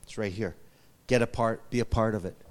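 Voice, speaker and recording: A man's voice: fairly low pitch, brisk, in a large hall. A male pastor preaching a sermon, repeating short emphatic phrases and asking the congregation for amens.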